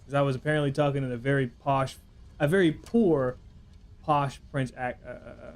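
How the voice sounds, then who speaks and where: A man's voice: medium pitch, steady tone, moderate pace. Profane, rambling young male game streamer. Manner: rambling, profane, reads chat aloud and jokes. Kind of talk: casual live gameplay commentary.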